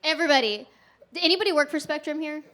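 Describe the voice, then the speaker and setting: A woman from Texas does a stand-up set at a comedy club through a handheld stage mic, her voice high-pitched, quick, and sharp. She's chatty and self-mocking, laughing her way through her punchlines.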